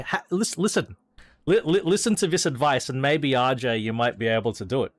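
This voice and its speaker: A man's voice: mid-range voice, animated, normal speed, no room sound. An Australian man chatting casually as he streams a racing game, rambling with hesitations and restarts. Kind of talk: casual gameplay commentary.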